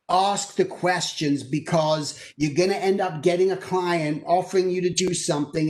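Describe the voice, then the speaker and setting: A man giving a conversational career talk to students over a video call, energetic and acting out quoted dialogue. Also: fairly high pitch. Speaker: guest presenter.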